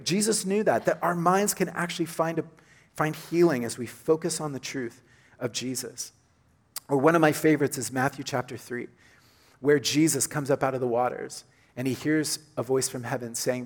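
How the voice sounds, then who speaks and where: A man preaching a sermon to his congregation in an earnest, conversational way, dropping to a softer voice when he quotes scripture. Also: medium pitch, normal speed. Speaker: pastor. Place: church.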